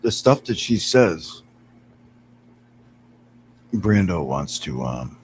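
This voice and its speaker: Deep and sing-song, this man's voice moves very slowly over poor audio with slight background noise. He's streaming casually from home, chatting with viewers, laughing a lot and cooing at his cat, well away from his computer mic.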